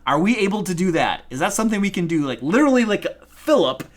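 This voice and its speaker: A Michigan man with a local accent runs a relaxed live stream from a room at home, acting as dungeon master. His voice is high and quick, and he comes across as excitable, goofy and quick to poke fun at himself.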